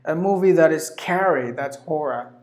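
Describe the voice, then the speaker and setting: A woman with a somewhat low voice teaches English pronunciation, saying each word again and again. She spells words out letter by letter in an echoey room. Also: normal speed, darkish tone. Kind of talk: pronunciation lesson.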